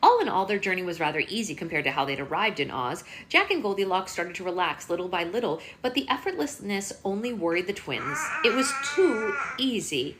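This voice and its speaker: A woman's voice: mid-range voice, very animated, fairly quick, hardly any pauses, fairly bright tone, a little hiss or hum. Woman, live read-aloud, casual, playful, phone mic. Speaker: host reading aloud.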